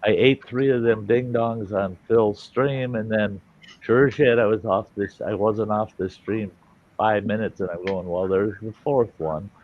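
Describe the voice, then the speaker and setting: Deep-voiced man telling rambling stories. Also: steady tone, a little slow. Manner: rambling storyteller, salty, acts out quotes. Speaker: host. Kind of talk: casual livestream chat. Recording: dull lo-fi stream audio with faint hiss.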